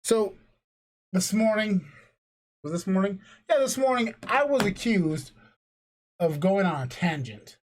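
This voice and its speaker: A man's voice: high voice, animated, unhurried, long pauses. A man in his thirties from New Mexico hosting a podcast, tipsy from drinking and ranting in a loose, profane, jokey way. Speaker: podcast host. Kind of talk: casual chat.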